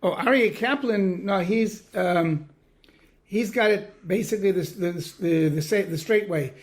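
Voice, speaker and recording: Man, study class participant, high pitch, measured reader of quotes over a call. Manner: measured, reads quotes slowly. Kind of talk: reading translations aloud in class discussion. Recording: video call audio.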